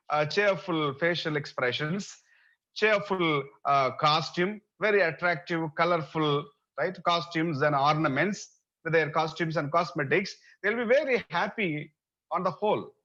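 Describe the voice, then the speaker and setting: A university lecturer teaches in a slightly high-pitched man's voice. He repeats his phrases, fills pauses with "uh" and keeps asking the class rhetorical questions. The sound is dull and lo-fi, as in a recorded online lecture. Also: pushed and bright.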